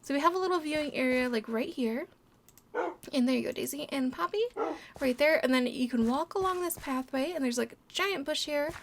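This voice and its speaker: A woman's voice: sits high, a little fast. A woman giving casual gameplay commentary as a let's play host, bubbly and giggly, cooing over the animals as she goes.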